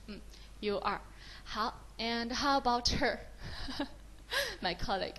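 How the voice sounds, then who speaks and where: This woman, speaking with a Mandarin Chinese accent, gives a slow, encouraging beginner lesson, blending English and Mandarin and offering frequent praise. Her voice is a little high, animated and fairly bright, and she moves slowly with many pauses. The recording is rough, with a little hiss or hum.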